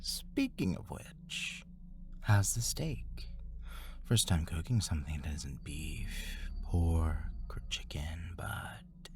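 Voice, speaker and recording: A woman voicing a cold, scornful, menacing husband in a whispered role-play, speaking softly and slowly. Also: rumbling low, big pitch swings, pitched below the performer's own voice, exaggerated voice. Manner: soft, slow, whispered menace.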